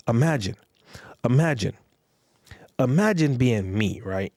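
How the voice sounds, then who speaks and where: A man's voice: fairly low pitch, a little fast, a little mellow, dry recording, studio quality. Blunt, profane man lecturing. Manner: repeats phrases for emphasis. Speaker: podcast host. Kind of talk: relationship advice monologue.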